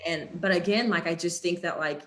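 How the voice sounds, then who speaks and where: A woman's voice: lowish voice, brisk. A young woman from Texas, a sports reporter, speaking frankly as a podcast guest with lots of "like". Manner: animated, frank, many "like" fillers. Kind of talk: casual conversational interview.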